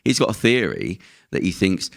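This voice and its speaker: A man's voice: low voice, wildly swooping pitch, moderate pace, vocal fry. A man hosting a podcast, rambling through explanations with many restarts in casual chat. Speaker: podcast host.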